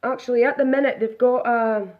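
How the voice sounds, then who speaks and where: A woman's voice: a little high, fairly even intonation, a little fast, phone-quality sound. A woman chatting casually through a live makeup demonstration, narrating each step aloud.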